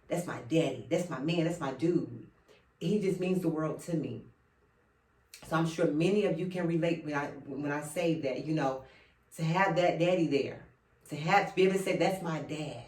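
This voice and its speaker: This thirty-something woman speaks in a low, darkish voice, offering men a heartfelt monologue about her own life. Talking straight to them, she repeats certain phrases again and again, and the mic sits far off, leaving the audio roomy.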